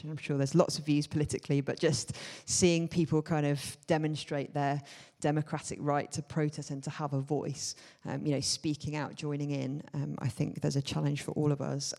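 A man's voice: fairly high pitch, gravelly, a little mellow. A man giving a conversational sermon, informal and hedging, with many fillers and asides. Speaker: church speaker. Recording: long hall reverb.

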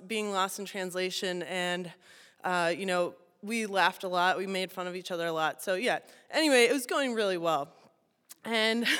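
Bright-voiced young woman telling a story. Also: mid-range voice, clear, resonant tone. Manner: chatty and self-mocking, full of "you know" and laughter. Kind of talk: personal storytelling to an audience. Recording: long hall reverb.

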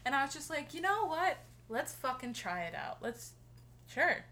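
A young woman casually telling a friend a story, animated, swearing freely and laughing as she talks. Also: sits high, normal speed. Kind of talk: casual chat.

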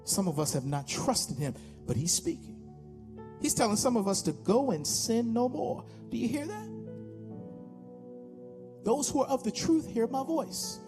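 Over music, a very high-voiced American man in his fifties preaches from a church sanctuary, unhurried and expressive, with long pauses. He's a pastor making an altar call, pressing his appeals repeatedly with impassioned exhortation.

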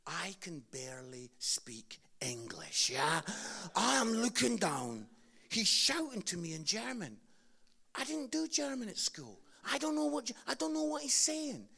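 A Scottish man preaching a sermon, telling funny stories with loud bursts and then dropping to quiet, earnest appeals. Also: very high voice, big pitch swings, moderate pace, gravelly. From Scotland. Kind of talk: sermon with comic storytelling.

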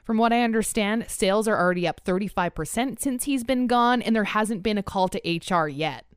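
A woman doing comic mock-news field reports in a chatty, playful way. Her voice is smooth and clear, with dry, close sound. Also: medium pitch, a little fast, no room sound. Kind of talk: comic in-character banter.

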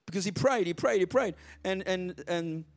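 A man's voice: sits high, normal speed. A man preaching a sermon, emphatic and repeating words for stress.

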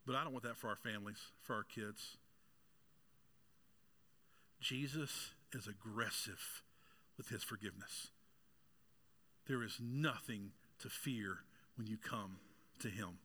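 A man's voice: lowish voice, slow pace, long pauses, bright, forceful tone. A man preaching a sermon as pastor, asking his congregation questions and mixing in jokes as his delivery builds in intensity. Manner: joking aside with congregation members.

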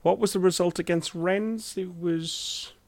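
A man's voice: high voice, steady tone, measured pace, gravelly, darkish tone, dry recording. Joking Irish man hosting a podcast. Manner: joking, swearing, laughs a lot. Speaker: podcast host. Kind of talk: casual chat.

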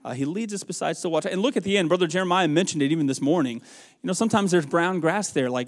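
A man delivers a sermon in a homespun, storytelling way, now dropping low and soft, now building to loud emphatic bursts. His voice sits a little on the high side. The sound rings on in a large, reverberant hall. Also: expressive, fast talker. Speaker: pastor.

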